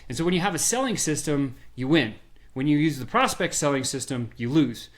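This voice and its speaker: A man talks through a sales system as a podcast guest, his pitch swinging widely and his pace jumping between slow, stressed points and quick runs. He tells stories and acts out little bits of dialogue as he goes. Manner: animated storyteller, acts out quoted voices. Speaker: podcast guest, software founder. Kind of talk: energetic sales pitch in conversation.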